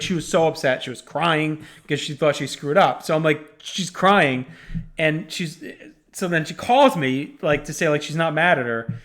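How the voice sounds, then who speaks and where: Casual male podcast co-host, fairly high voice, animated storyteller who swears freely.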